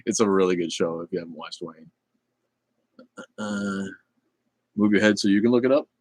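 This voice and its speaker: A man's voice: low-pitched, normal speed, dry recording. A middle-aged man hosting a casual livestream, chatting in a rambling way with lots of fillers and restarts, blunt and irreverent as he reads viewer comments. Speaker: livestream host.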